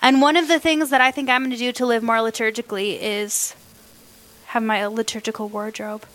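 A woman's voice: on the high side, steady tone, brisk, a bit bright. A woman co-hosting a radio talk show in a studio, bubbly and teasing in casual banter. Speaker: radio co-host.

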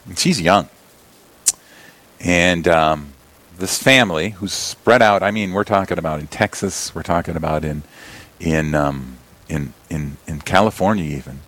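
A man's voice: low-pitched, unhurried, fairly bright tone. A man from South Dakota, a deacon, chatting casually in a radio studio interview, rambling with many restarts. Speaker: deacon and abbey representative. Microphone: studio mic with headphones.

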